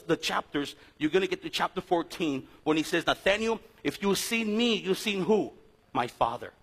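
A middle-aged man teaching a Bible class in a lively sermon style, telling stories and acting out conversations. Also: high voice, breathy edge. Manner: animated storytelling, acts out conversations, frequent restarts.

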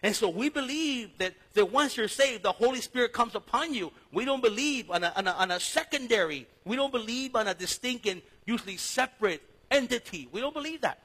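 Husky high-voiced male pastor. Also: animated, fairly quick, hardly any pauses, rough recording. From East Los Angeles. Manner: storytelling, swings from loud to hushed. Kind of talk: sermon.

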